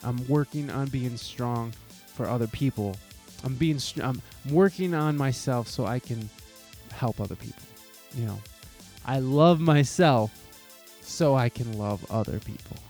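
A man's voice: medium pitch, measured pace, a little mellow, soft background music. A man hosting his own podcast, talking in an earnest, heartfelt way with casual swearing and lots of restarts. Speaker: podcast host. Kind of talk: solo podcast talk.

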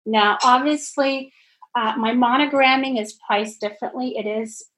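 A woman's voice: a little high, moderate pace, low-quality recording. A middle-aged woman from Canada, a business founder, talking as a guest in a podcast interview and telling stories animatedly. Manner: animated storyteller, acts out phone chats with friends.

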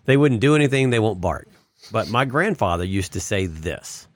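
A man with a low voice co-hosts a casual podcast, rambling through a story with restarts. His pitch swings widely as he talks, and the sound is dry and close-miked. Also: moderate pace, no echo. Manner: rambling, animated anecdotes with laughs. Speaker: podcast co-host.

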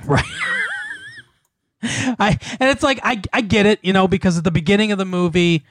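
A man with a fairly high voice rambles through a film's plot in loose, profane chat. He stumbles over words, leans on fillers and laughs as he goes. The sound is dry and close, with no room around it. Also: fast, fairly bright tone, no room sound. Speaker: podcast co-host recapping a film. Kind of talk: casual chat.

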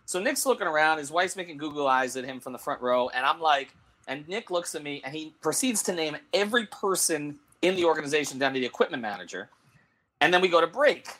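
A middle-aged man telling a long anecdote in casual talk-show chat, animated and laughing, with many restarts. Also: a little high, fast. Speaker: sports columnist and show host.

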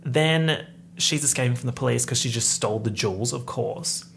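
A sarcastic movie reviewer ranting in an exasperated, comedic way, with a gravelly edge to the voice. The delivery is loose, sweary and full of disbelief, with faint background noise. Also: medium pitch, moderate pace.

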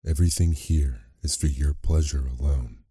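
A hideous, lonely beast from a bedtime storybook, as a narrator puts him on, bitter and hurt. He speaks slowly with a rasp in a very deep, dark voice, and the recording is close and dry. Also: dry recording. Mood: restrained. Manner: slow and rasping.

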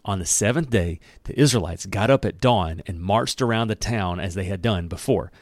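A man giving a casual Bible teaching. He tells the story in a lively way, reads the verses aloud, and acts out the characters' lines with a laugh. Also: lowish voice, normal speed, no echo, clean studio sound. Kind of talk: conversational Bible teaching with scripture reading.

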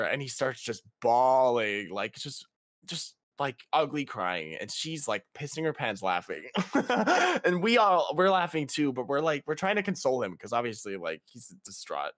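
A young man casually telling a funny story, laughing often and leaping into high voices to quote people. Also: normal speed, dry recording, clean studio sound. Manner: laughing, animated, jumps to high voices quoting others. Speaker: podcast guest.

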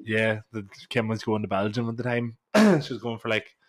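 A man's voice: on the low side, normal speed. A young man, co-hosting a podcast in casual chat, swearing freely and laughing often. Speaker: podcast co-host.

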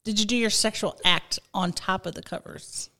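A woman with a mid-pitched voice chatting casually on a podcast. She teases her co-host with playful, deadpan jabs. Her delivery is dry and quick. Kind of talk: casual comedic chat. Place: rented house in California.

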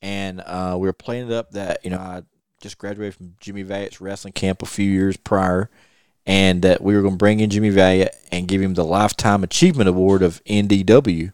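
A man hosting a podcast, an ex-wrestler telling stories in a lively, anecdotal way. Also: deep voice, fairly quick, smooth, no echo, clean studio sound. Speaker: podcast host and former wrestler. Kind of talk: casual storytelling interview.

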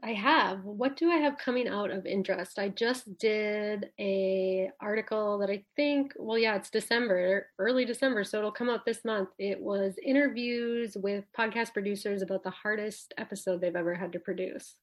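A woman chatting as a podcast guest, relaxed and loose, with a lot of "like" between her words. Her voice sits at an ordinary pitch. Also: normal speed, hardly any pauses. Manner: casual, many "like" fillers, laughs easily. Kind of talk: casual interview chat.

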